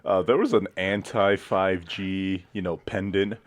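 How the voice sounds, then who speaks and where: A man's voice: low-pitched, fairly even intonation, unhurried, no echo. A young man co-hosting a podcast in casual, teasing chat. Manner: joking, teasing. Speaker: podcast co-host.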